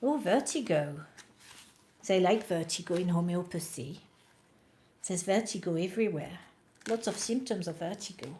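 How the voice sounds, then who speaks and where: A woman's voice: on the low side, lively intonation, normal speed, pauses often, dark tone, a little hiss or hum. A woman reading aloud from old books at night and chatting to the camera between passages. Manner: chatty, reads aloud and comments, talks to camera. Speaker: reader of homeopathy books.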